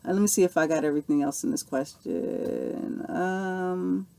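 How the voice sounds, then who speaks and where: An earnest woman in her forties with a slightly low voice. She answers viewer questions through her own personal story, in a loose, heartfelt vlog manner full of "okay" and "you know". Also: moderate pace, creaky, mellow. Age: 40s. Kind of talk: casual Q&A monologue.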